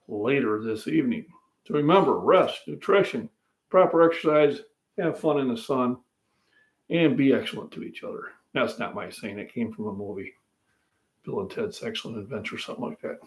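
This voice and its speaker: A man's voice: mid-range voice, animated, normal speed, darkish tone. An older man hosting a casual live stream from his home kitchen, rambling in a folksy way and speaking directly to his viewers. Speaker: fitness channel host. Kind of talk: casual live-stream chat while cooking. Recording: roomy sound, voice off-mic.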